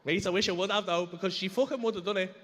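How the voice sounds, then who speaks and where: A man doing stand-up storytelling on a club stage, sweary and animated, acting out his own dialogue. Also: high-pitched, very fast. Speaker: stand-up comedian. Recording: live club room with faint ambience.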